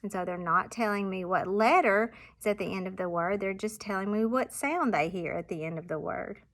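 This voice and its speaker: A woman primary school teacher explaining reading exercises to parents, patiently sounding out example words with clear emphasis. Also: mid-range voice, brisk.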